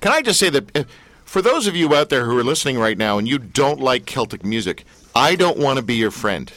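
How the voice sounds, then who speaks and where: Male radio host, bright and animated, jokey rambling studio banter. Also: medium pitch, fairly quick, dry recording. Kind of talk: casual studio chat.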